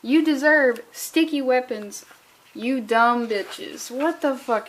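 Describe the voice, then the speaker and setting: A woman's voice: high voice, measured pace, slight background noise. A young adult woman reviewing a comic in a sarcastic, profane, exasperated rant. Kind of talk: sarcastic ranting commentary.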